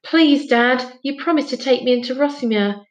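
A woman's voice: sits high, expressive, normal speed, roomy sound, pitched above the performer's own voice. A woman doing an urgent, eager young boy. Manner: urgent and pleading.

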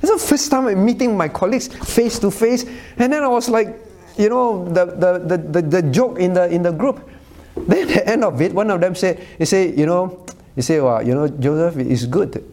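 A male pastor preaching a sermon, originally a Cantonese speaker, talking in a teasing, animated way and often checking in with his listeners. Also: high-pitched, moderate pace, slight background noise. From Cantonese-speaking Chinese community. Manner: animated, teasing asides with frequent "all right?" check-ins.

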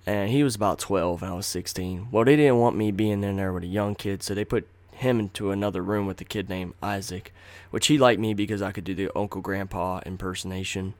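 A man's voice: deep voice, steady tone, a little fast, darkish tone, no room sound. A man telling a personal story in a casual, slangy, profane way, acting out what people said. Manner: profane, slangy, acts out quotes. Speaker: storyteller host.

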